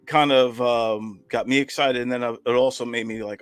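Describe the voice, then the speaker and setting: A man's voice: medium pitch, steady tone, moderate pace, hardly any pauses, fairly bright tone, no echo, soft background music. A man, a filmmaker and comedian, telling a rambling anecdotal story in casual chat over a video call.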